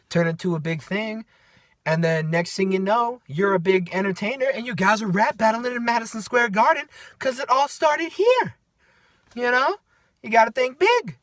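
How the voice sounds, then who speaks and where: A tired man rambling through a casual, animated story about his work shift, checking in with lots of "right?". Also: high-pitched, fairly quick, dry recording. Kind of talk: casual chat.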